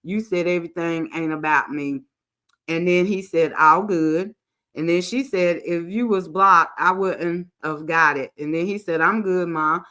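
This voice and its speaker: A woman's voice: lowish voice, a little slow, sharp tone. A woman casually commenting on a livestream, reading messages aloud in a drawl and greeting her viewers by name. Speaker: channel host reading screenshots to live viewers.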